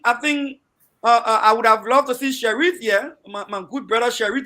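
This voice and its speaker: A young Liberian man on a debate panel, speaking emotionally, stumbling over repeated words and rising to shouts. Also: extremely high pitch.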